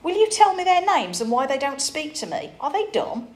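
Woman doing a scared timid young girl, high and pleading, echoey room. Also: very animated, moderate pace. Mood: fearful. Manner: pleading, tearful, breathless. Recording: roomy echo.

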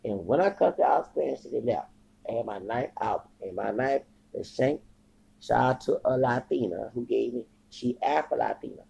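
A man's voice: mid-range voice, lively intonation, normal speed, creaky, warm tone, slightly rough. A man hosting a podcast, talking in a rambling, agitated monologue full of swearing and repetition. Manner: agitated, profane, repeats himself. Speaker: podcast host. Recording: dull lo-fi recording.

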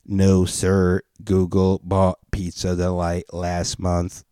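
A man doing a mock robot voice for a male pizza-ordering AI, flat and matter-of-fact, while reading a joke aloud. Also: low-pitched, slow pace, clear, resonant tone, no echo, clean studio sound.

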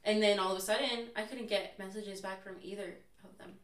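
A woman's voice: mid-range voice, a little fast. A young adult woman, a guest in a casual chat, telling stories candidly and acting out what people said. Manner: candid, animated storyteller who acts out quotes. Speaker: interview guest. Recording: roomy echo, voice far from mic.

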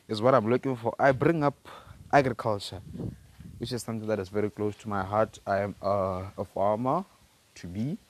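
A teenage man from Africa, telling a loose, slangy story on his own podcast, full of restarts and repeated words. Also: on the low side. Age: teens. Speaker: podcast host.

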